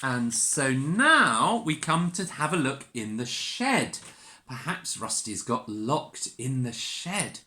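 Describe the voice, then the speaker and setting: A woman reads a children's storybook aloud in a church, leisurely and unhurried. Her voice is lively and sing-song, it swoops up and down as she quizzes little listeners, and it carries a roomy echo from the church. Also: rumbling low. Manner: animated, sing-song, asks the listeners questions; makes animal noises and gasps. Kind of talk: reading a picture book to young children.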